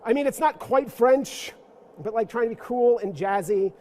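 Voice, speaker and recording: Male guest lecturer, high-pitched, playful and self-deprecating, leading a church forum audience. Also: moderate pace, dark tone, slight background noise. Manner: playful, self-mocking, joking asides.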